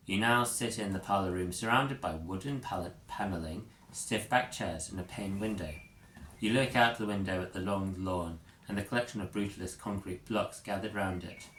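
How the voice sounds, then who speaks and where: A man narrating a story in the second person with a measured, descriptive reading, recorded in an echoey room with faint noise. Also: sits low, a bit bright. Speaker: audiobook narrator.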